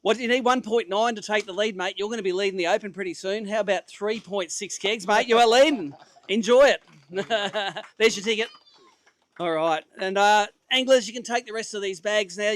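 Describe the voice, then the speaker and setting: High-voiced chatty Australian emcee man. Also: a bit bright, dry recording. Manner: chatty, upbeat, says mate constantly. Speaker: tournament weigh-in host. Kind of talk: live emcee banter and interviews. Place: outdoor weigh-in stage at a sailing club.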